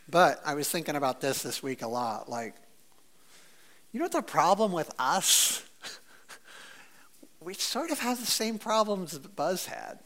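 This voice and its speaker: A male pastor with a high voice preaching a sermon. He talks in an easy, chatty way, full of fillers, and now and then acts out voices to make a point. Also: slow, long pauses. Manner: conversational and animated, with many fillers; playfully acts out quoted voices.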